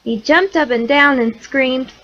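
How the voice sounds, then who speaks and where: A woman reading a children's picture book aloud in a slow, gentle storytelling way. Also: high voice, dull audio. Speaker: storybook reader.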